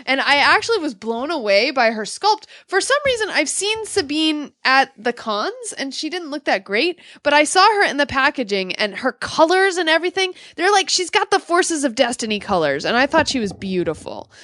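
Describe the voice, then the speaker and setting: A woman's voice: sits high, big pitch swings, moderate pace, few pauses, fairly bright tone, no echo, clean studio sound. A woman in her thirties co-hosting a podcast in casual, playful chat, often giggling. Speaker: podcast co-host.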